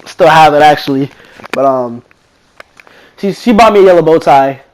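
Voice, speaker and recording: A man's voice: on the high side, moderate pace. A teenage boy casually telling a rambling story in slangy talk, acting out what people said. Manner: slangy, rambling, animated retelling with quoted voices. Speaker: vlogger.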